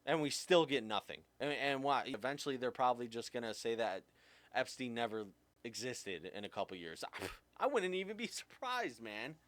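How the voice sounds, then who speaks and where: A man's voice: medium pitch, animated, moderate pace, fairly bright tone, no echo. A man hosting a podcast, ranting heatedly, swearing often, his voice jumping up when he gets angry. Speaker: podcast host. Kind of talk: impassioned rant.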